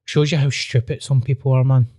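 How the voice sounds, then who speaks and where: A man's voice: medium pitch, fairly even intonation, brisk, dark tone, slightly rough, no room sound. A man with a Glaswegian accent, a podcast guest speaking in blunt, dry, sweary casual chat. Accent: Scottish (Glaswegian).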